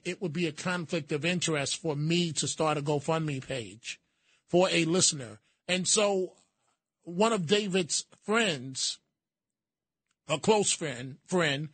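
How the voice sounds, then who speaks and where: A man hosts a talk radio program from a studio. His voice sits a bit high and sounds dry and close. He talks briskly, and his sympathy with callers comes out full of restarts. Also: fairly bright tone, dry recording. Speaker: radio talk show host. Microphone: studio mic.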